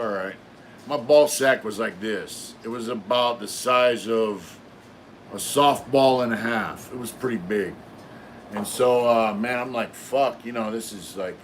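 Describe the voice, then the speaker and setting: A man's voice: on the low side, slight background noise. A middle-aged man hosting a live stream, telling a long story casually with lots of fillers and swearing. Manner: rambling, profane, many fillers.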